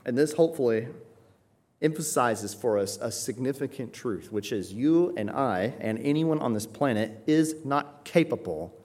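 A male preacher delivering a sermon in a voice of middling pitch. He talks with firm conviction, sinking low and quiet to stress key words and rising when he pushes a point. He keeps checking in with the listeners. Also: animated, moderate pace. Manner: emphatic, often asks "right?".

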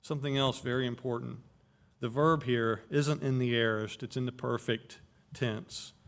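A man's voice: mid-range voice, fairly even intonation, normal speed, vocal fry. A man preaching an expository sermon, explaining Greek words of a Bible verse and stressing key phrases. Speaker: pastor.

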